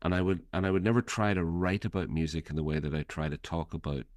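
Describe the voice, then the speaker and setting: Deep-voiced man musing thoughtfully. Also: little pitch movement, quick pace, a little mellow, no echo, clean studio sound. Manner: thoughtful, hesitant, laughs often. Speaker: podcast co-host and author. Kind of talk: casual film chat.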